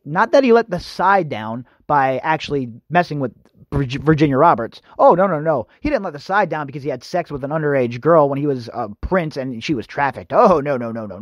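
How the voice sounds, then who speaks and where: Indignant high-voiced male podcast host. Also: no echo. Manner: indignant, ranting, addresses listeners as folks. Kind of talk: opinionated news commentary.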